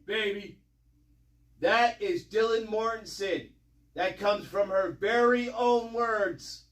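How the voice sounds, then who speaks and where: A man's voice: high-pitched, a bit bright, reverberant, far from the mic. A man giving mocking, sarcastic commentary, swearing and rambling with lots of repetition. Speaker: online commentator.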